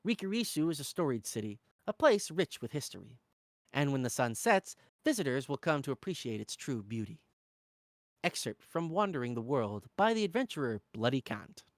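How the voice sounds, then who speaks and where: Guy reading a novel out loud, super expressive, swings his pitch around, dry sound. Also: normal speed, no room sound. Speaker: reader.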